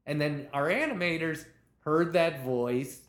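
A man with a fairly high voice tells showbiz anecdotes in an interview. He gets animated, laughs mid-sentence and acts out quotes, and the room around him rings with echo. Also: measured pace. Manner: lively storyteller, laughs while talking, acts out quotes. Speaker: television comedy writer and producer, guest. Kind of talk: conversational anecdote-telling.

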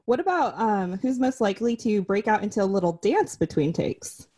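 A woman's voice: medium pitch, sing-song, normal speed, warm tone, slightly rough. A woman interviewing an actress, upbeat and laughing easily. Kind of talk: casual interview chat.

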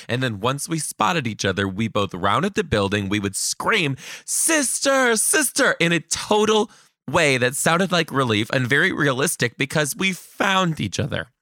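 A sarcastic man in his thirties hosts a comedy podcast and reads out listener emails. His pitch swoops all over the place as he tells his stories. His voice sounds bright, and the recording is dry and close. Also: no echo. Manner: animated, sarcastic, jumps into high mocking voices. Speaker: podcast host.

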